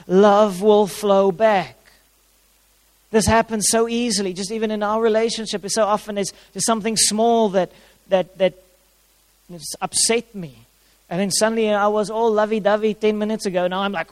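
A man preaching a sermon, repeating his key phrases for emphasis and showing props to his congregation. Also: high voice. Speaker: pastor. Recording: long hall reverb.

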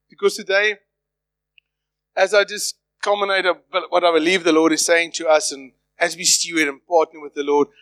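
A man preaching a sermon, animated and playful, acting out quoted voices as he goes. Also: on the high side, dry recording. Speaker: pastor.

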